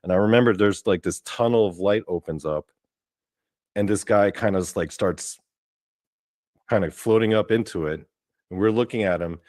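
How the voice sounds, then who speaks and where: A man's voice: on the low side, normal speed, pauses often, a little mellow, dry recording. Rambling man telling a story, dry sound. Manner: rambling, full of "like" fillers and cursing. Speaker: podcast host. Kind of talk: casual storytelling.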